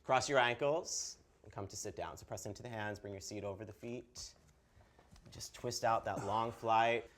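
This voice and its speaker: Calm man guiding a yoga class. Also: on the low side, moderate pace. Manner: calm, encouraging cues. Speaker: yoga instructor. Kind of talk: guided yoga instruction.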